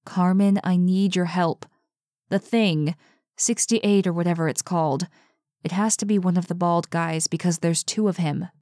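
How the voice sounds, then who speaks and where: Brief: woman as a scared but resolute young woman, lowish voice, dry close sound. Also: steady tone, moderate pace, warm tone, dry recording, natural voice. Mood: urgent. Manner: urgent, coaxing, tense.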